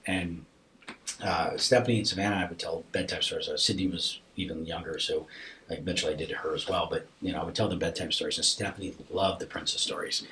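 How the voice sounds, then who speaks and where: A middle-aged man with a lowish voice speaks as a guest in a podcast conversation. He tells his story earnestly and with feeling, often dropping to a hushed near-whisper. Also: steady tone, fast talker, echoey room, slight background noise.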